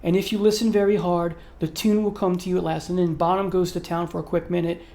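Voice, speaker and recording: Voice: medium pitch, level tone, fast talker, darkish tone. A channel host giving an unscripted spoken review to camera, earnest and admiring, with frequent ums and uhs. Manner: earnest, admiring, gets emotional about the music. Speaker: music video host ranking songs.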